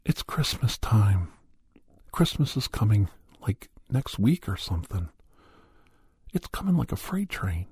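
A man's voice: fairly low pitch, big pitch swings, a little slow, darkish tone, slightly rough, no echo. A man giving a rambling, preachy moral monologue, often sliding into a whisper. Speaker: monologue speaker.

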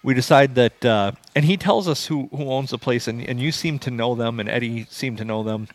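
A man's voice: medium pitch, fairly quick, dry recording. A man co-hosting a podcast, telling rambling stories in a wry, casual way. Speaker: podcast co-host.

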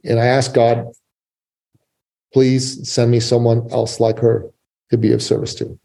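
Male podcast guest, warm voice, animated storyteller. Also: medium pitch, unhurried, vocal fry. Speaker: guest, business coach and author.

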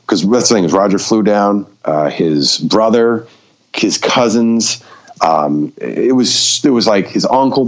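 Low-voiced male filmmaker spinning a casual story with plenty of ums and acted-out quotes. Slightly muffled recording. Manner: animated storyteller who acts out quoted dialogue; frequent fillers and restarts. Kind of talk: casual anecdote-telling in a conversation. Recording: dull lo-fi recording.

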